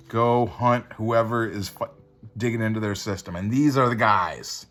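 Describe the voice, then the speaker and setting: A man's voice: medium pitch, a little slow, a bit bright. A man casually reviewing a comic book, rambling and laid-back with lots of fillers.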